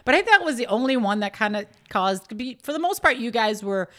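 A woman's voice: a little high, fairly quick. A middle-aged mother chatting as a podcast guest, recalling her kids' childhood with laughter and acted-out quotes. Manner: animated, laughing, acts out quotes. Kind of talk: casual chat.

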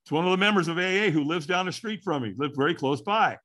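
A man's voice: on the high side, quick pace, fairly bright tone. An older man from California, a guest in an interview, tells his personal story earnestly and candidly and voices his own past thoughts aloud.

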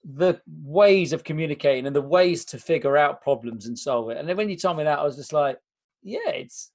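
A man's voice: a little high, animated, brisk, darkish tone. A man hosting a podcast, chatting casually and thinking aloud with many hesitant fillers. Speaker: podcast host. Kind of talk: casual interview chat.

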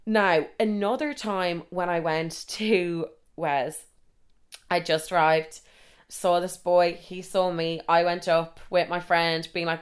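A young Irish woman telling stories casually, animated and swearing freely, acting out the people she quotes. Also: fairly low pitch, slow pace, smooth. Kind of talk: casual storytelling monologue.

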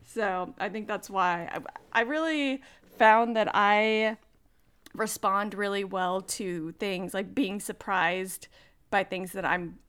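A woman in her thirties co-hosts a casual podcast. Her voice is smooth and resonant at a middling pitch, and she rambles along with plenty of fillers and laughter. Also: takes it slowly, fairly bright tone. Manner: chatty, lots of fillers and laughter. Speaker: podcast co-host. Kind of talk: casual chat.

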